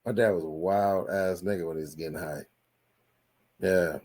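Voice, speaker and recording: A man's voice: deep voice, steady tone, moderate pace, a little mellow. A man in his forties hosting a podcast, telling rambling, profanity-laced stories in a casual chat and often repeating himself. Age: 40s. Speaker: podcast host. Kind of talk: casual storytelling.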